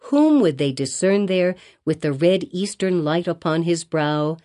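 Brief: woman audiobook narrator, low mellow voice, measured expressive classic-novel reading.

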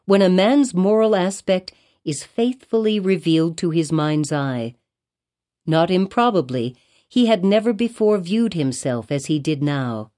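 A woman narrates a classic novel for an audiobook in a measured, formal style. Her voice sits fairly low and sounds dark and mellow.

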